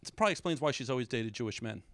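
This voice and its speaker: A middle-aged man doing a stand-up comedy set, self-deprecating, with quick punchlines and short bits where he acts out his kids. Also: medium pitch, expressive, a bit bright, no echo, clean studio sound. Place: small comedy stage with a live audience.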